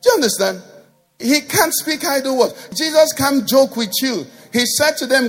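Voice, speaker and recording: A man's voice: extremely high pitch, lively intonation, normal speed, soft background music. A man preaching a sermon as pastor, emphatic, with call-and-response questions to the congregation.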